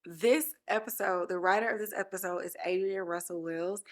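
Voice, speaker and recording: A woman's voice: mid-range voice, steady tone, normal speed, hardly any pauses. A woman hosting a casual TV recap podcast, teary and gushing, often laughing as she talks. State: teary, close to crying. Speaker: podcast host.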